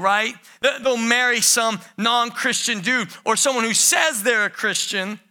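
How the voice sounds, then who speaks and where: A man's voice: high-pitched, sharp tone. A middle-aged man preaching a sermon, calling the congregation "church" and acting out the pleas of the people he describes. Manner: emphatic preaching, often addresses the congregation as "church", acts out quoted pleas. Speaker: pastor.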